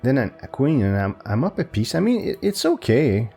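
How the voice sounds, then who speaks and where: A man's voice: very animated, fairly quick, creaky, mellow, husky, faint music behind. A man thinking aloud while solving chess puzzles for his channel, hesitant and full of restarts. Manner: hesitant, self-talking with restarts and pitch jumps. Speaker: chess video creator.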